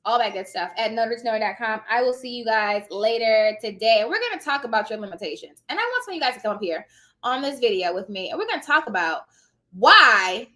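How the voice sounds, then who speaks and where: A woman's voice: a little high, big pitch swings, fast, a bit bright. A woman in her thirties hosting a live stream, giving emphatic motivational advice straight to her viewers in a casual way. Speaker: live-stream host and notary coach.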